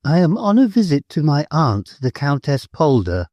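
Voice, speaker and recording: A man voicing a young English heiress who answers quietly and politely. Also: on the high side, wildly swooping pitch, normal speed, no echo, clean studio sound, pitched above the performer's own voice. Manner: quiet, composed.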